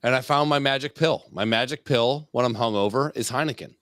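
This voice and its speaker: A man's voice: mid-range voice, brisk, fairly bright tone, no room sound, studio quality. A man co-hosting a casual live podcast, telling crude stories in a rambling way with laughs. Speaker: podcast co-host. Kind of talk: casual chat.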